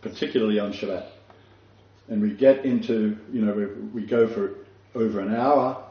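A man giving a spiritual lecture as a rabbi to a small live group, halting, with frequent fillers and restarts. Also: lowish voice, dark tone. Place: room with a small audience. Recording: distant, roomy, dull room recording.

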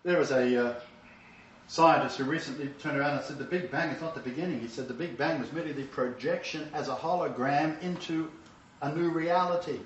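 An older male preacher delivering a sermon with a slightly high voice. He lurches from emphatic, raised outbursts to soft, low murmurs. The sound is roomy and distant, picked up from across a reverberant space. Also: a little fast, slight background noise. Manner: dramatic swings between loud emphatic bursts and hushed low asides. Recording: roomy, distant, dull-sounding hall recording.

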